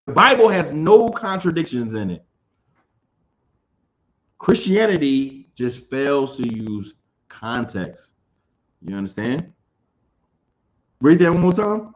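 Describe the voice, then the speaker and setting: A man leads a scripture class in an emphatic, loose teaching style, with a voice pitched a little high for a man. He circles back over his own phrases and keeps checking that the room is following. The delivery is conversational rather than preached. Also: big pitch swings, slow, pauses often, lo-fi sound. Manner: emphatic, repeats phrases, keeps asking "you understand?".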